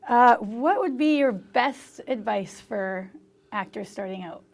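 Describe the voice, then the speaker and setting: A woman's voice: fairly high pitch, animated, takes it slowly, vocal fry, darkish tone. A woman hosting an interview, encouraging her guest and laughing often. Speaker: interview host. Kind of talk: casual interview.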